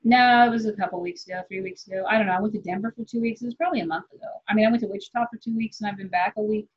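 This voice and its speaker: A woman in her forties, a comedian guest, chatting casually and candidly, rambling and swearing freely with quick laughs. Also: mid-range voice, steady tone, husky. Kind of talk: casual podcast chat. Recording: dull lo-fi sound.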